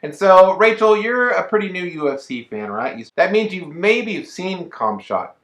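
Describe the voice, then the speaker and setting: Co-host, man, animated and rambling, lots of jokes, pitch jumping around, roomy echo. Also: normal speed. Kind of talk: casual reaction chat.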